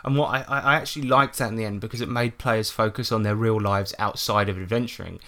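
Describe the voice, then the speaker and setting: A man's voice: on the low side, steady tone, fast, bright, forceful tone. Chatty man, laughing storyteller. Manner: chatty, laughing, swears casually. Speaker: podcast co-host, game master. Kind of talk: casual chat.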